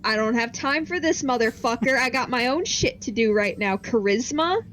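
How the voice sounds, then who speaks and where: A woman's voice: on the high side, lively intonation, normal speed, fairly bright tone, slight background noise. A woman playing a tabletop game, brash and swearing as her character. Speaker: player. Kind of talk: tabletop role-play.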